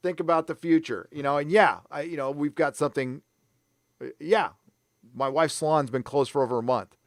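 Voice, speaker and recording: A man's voice: a little high, moderate pace, no room sound, studio quality. Profane ranting male stream host. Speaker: live show host. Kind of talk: ranting live stream chat.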